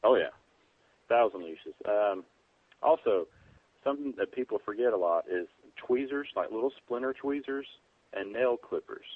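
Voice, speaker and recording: A man's voice: lowish voice, animated, normal speed, no echo. A man working as an EMT, a guest in a casual interview, explaining things plainly in an easygoing way with plenty of fillers. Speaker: EMT guest on a preparedness podcast. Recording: tinny phone line.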